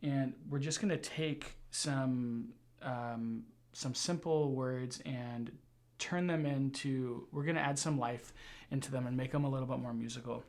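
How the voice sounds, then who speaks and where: A man teaching a music tutorial, explaining ideas in a relaxed way with frequent fillers. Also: mid-range voice, measured pace. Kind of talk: tutorial lesson.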